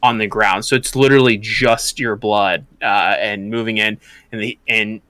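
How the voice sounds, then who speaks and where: A man acting as game master, narrating a tabletop game with lots of fillers. His voice is a little low but very bright and forward. The recording is dry and close-miked. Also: steady tone, normal speed, no room sound. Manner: descriptive, filler-heavy narration with many "like"s.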